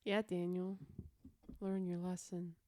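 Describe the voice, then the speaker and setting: A woman's voice: fairly low pitch, little pitch movement, takes it slowly, mellow, dry recording, clean studio sound. A young woman co-hosting a podcast in casual chat, giggling and asking puzzled questions. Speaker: podcast co-host.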